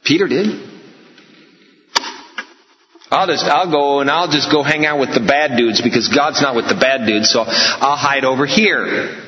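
A man's voice: mid-range voice, unhurried, pauses often, sharp tone. A man preaching a sermon, emphatic and repetitive, with joking asides. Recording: echoey hall, slightly dull sound.

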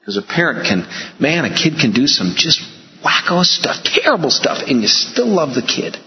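A man's voice: a little high, sing-song, moderate pace. A man preaching a sermon, emphatic and repetitive, with joking asides. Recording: echoey hall, slightly dull sound.

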